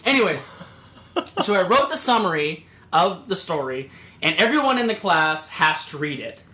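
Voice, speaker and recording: High, bright-voiced young man rambling. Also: big pitch swings, moderate pace, slight background noise. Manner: rambling storyteller, many fillers, bursts into loud put-on voices. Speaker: podcast host. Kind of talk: casual podcast chat. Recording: echoey room.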